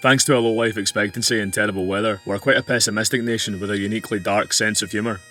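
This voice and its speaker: A Scottish man narrates a scripted commentary at a brisk clip. His delivery is dry, crude and sarcastic. A faint music bed sits behind him. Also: fairly low pitch, fairly even intonation, pushed and bright. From Scotland. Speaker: video essayist.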